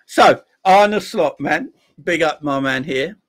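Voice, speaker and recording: A man's voice: fairly high pitch, expressive, slow, dry recording. Laid-back man hosting a live chat. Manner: laid-back, laughs often, reads chat comments aloud; addresses viewers as "my friend" and "man". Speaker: livestream host.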